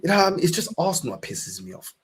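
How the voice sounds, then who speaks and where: A man's voice: a little high, big pitch swings, rapid-fire, a little hiss or hum. A young man with a London accent, hosting a fan channel and talking with fiery, swearing passion, calling everyone "bro". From England. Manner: impassioned, swearing, repeats "bro". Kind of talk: casual podcast chat.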